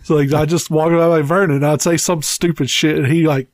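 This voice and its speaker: A man's voice: fairly high pitch, steady tone, fairly quick, no room sound, studio quality. A man co-hosting a podcast, joking crudely in casual chat. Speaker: podcast co-host.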